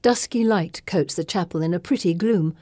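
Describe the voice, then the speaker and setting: A woman giving measured first-person audiobook narration. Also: lowish voice, dark tone, no echo, studio quality.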